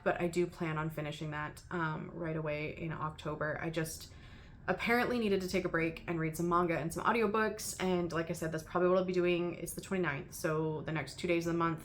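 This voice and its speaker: A woman's voice: lowish voice, fairly bright tone, slight background noise. A woman hosting a casual reading-recap vlog, chatty and rambling, often giggling between thoughts. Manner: rambling with frequent ums and restarts. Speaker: book reviewer and channel host. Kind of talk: casual chat.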